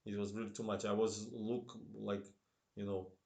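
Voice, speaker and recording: A man's voice: fairly low pitch, level tone, moderate pace, gravelly, warm tone. A man with a Russian-tinged accent and broken English, commentating chess on a live stream, chatting with viewers and laughing often. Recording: roomy echo.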